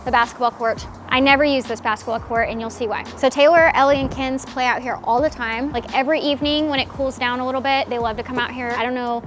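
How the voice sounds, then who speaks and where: A woman's voice: high voice, steady tone, quick pace, hardly any pauses, a bit bright, soft background music. A woman giving a casual house tour vlog outdoors in her backyard, chatty and upbeat, a little out of breath. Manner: chatty, upbeat, filler-heavy. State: out of breath from carrying a child.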